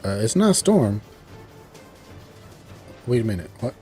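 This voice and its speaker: A man casually recapping a cartoon episode, rambling with lots of fillers and excited exclamations. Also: lowish voice, slow pace, soft background music. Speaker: show reviewer.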